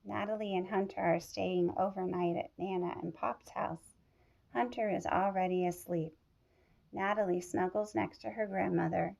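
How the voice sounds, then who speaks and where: A woman reading a picture book aloud to children, teacherly and pausing to ask them questions. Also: medium pitch, fairly even intonation, creaky, a little mellow, highs cut off. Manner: teacherly, asks the listeners questions. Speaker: storybook reader.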